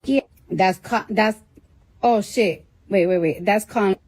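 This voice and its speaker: A woman's voice: medium pitch, slow pace, darkish tone. A woman telling a personal story to her livestream viewers, rambling and swearing, with "like" all through her talk. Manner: rambling, profane, heavy use of "like". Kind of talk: casual storytelling.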